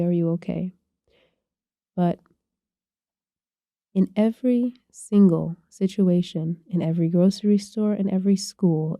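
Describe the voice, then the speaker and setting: A woman's voice: fairly low pitch, mellow, dry recording. A woman therapist, a guest on a podcast, explaining her ideas in a reflective, conversational way. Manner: reflective, explanatory, repeats words when restarting.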